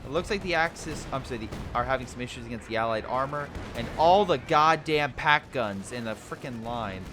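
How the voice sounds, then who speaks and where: Animated man casting a game replay. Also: mid-range voice, faint music behind. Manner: excitable, laughs, voices units in quick asides. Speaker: game caster. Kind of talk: replay commentary. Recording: game noise behind the voice. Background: artillery and gunfire game sounds.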